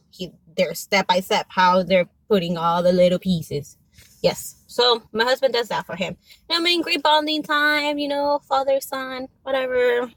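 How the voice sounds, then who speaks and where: A woman's voice: a little high, fairly bright tone, dry recording, poor audio. A young mother telling a story in a chatty, exasperated, casual rant. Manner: chatty, exasperated, with quoted asides. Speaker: vlogger and mother.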